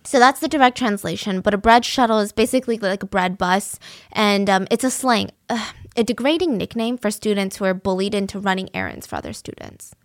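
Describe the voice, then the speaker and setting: A woman's voice: medium pitch, brisk, no echo, clean studio sound. Indignant woman telling a true-crime story. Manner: indignant, animated retelling with fillers.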